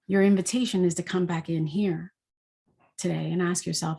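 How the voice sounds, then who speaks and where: A woman's voice: lowish voice, steady tone, moderate pace, vocal fry, mellow, husky. A woman giving a spiritual daily energy forecast in a reflective, unscripted way. She asks many rhetorical questions and often says "like".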